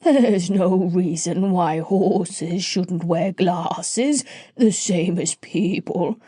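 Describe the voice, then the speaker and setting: Woman voicing a weary old horse, slow low complaining, dry close sound. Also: warm tone, breathy edge, dry recording, heavily acted. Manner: slow, complaining, plain-spoken. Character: old weary male plough horse, plain-spoken.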